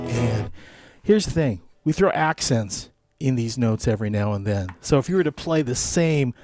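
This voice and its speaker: A man's voice: mid-range voice, lively intonation, moderate pace. A man leading a live guitar lesson, counting beats aloud and coaching his students in a friendly way. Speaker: guitar instructor.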